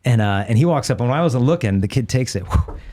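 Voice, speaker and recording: Middle-aged male guest, casual storyteller, mid-pitched voice, keeps restarting his sentences. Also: quick pace. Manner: lively anecdotes with frequent restarts. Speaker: guest speaker.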